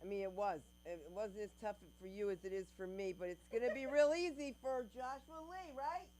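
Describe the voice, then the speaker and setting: A woman's voice: mid-range voice, a little fast, darkish tone. A woman hosting an open mic in a small comedy club, chatty and jumping between thoughts as she introduces the next comic.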